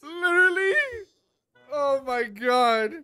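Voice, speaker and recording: Reaction host, high register, loud and excitable, cursing casually, light music bed underneath. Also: slow pace, no echo. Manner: excitable, swears freely, laughs often. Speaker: anime reaction channel host.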